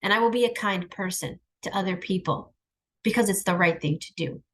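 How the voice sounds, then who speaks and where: A woman's voice: on the low side, a bit bright. A middle-aged woman speaking in a heartfelt personal monologue, earnest and emphatic, reflecting on her own struggles. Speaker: channel host.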